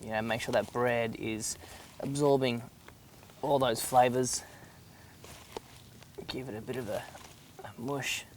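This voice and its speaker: A man's voice: mid-range voice, steady tone, slow pace, long pauses, a little hiss or hum. A young man hosting a casual cooking demonstration in an upbeat, enthusiastic, chatty way. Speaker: cooking show host. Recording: music playing underneath.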